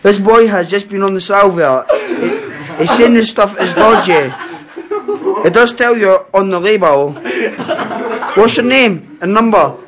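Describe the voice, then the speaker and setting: A man's voice: high voice, measured pace, long pauses. A young Scottish man filming his friend on a home video, laughing and teasing as he talks.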